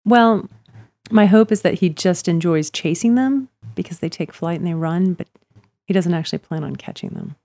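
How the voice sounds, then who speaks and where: A woman's voice: on the low side, moderate pace, creaky, mellow, no echo. A woman chatting casually, telling stories about her neighbors, acting out their lines and laughing often. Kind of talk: casual chat.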